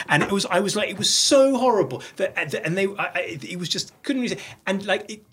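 A middle-aged man races through a candid interview, his words spilling out at a breakneck clip. His slightly raised voice has a husky edge. He is blunt, swears freely and keeps restarting his sentences. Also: sits high, animated, a bit bright. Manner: rapid, blunt and profane, with many restarts. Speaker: podcast guest.

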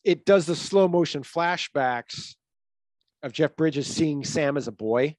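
A man's voice: a little high, takes it slowly, a little mellow, no room sound. A man in casual film discussion, retelling scenes with lots of fillers and acting out the lines.

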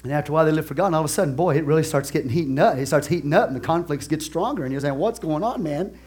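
A man preaching a sermon as pastor, animated, swinging between soft asides and loud exclamations, stretching key phrases slowly. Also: on the high side, slightly rough. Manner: laughs and asks the congregation questions.

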